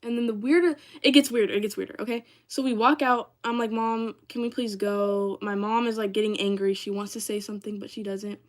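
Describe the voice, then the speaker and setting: A woman's voice: mid-range voice, fairly even intonation, brisk, few pauses. A young woman on a livestream, casually telling a story to her viewers, chatty and full of "like". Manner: chatty, heavy use of "like", addresses viewers as "y'all".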